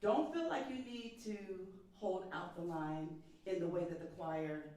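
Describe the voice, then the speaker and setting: In an echoey hall, picked up by a distant mic, a woman coaching a singer at a masterclass speaks over the performance with encouragement and occasionally sings lines to show what she means. Her voice sits on the low side, warm and unhurried, with lively intonation.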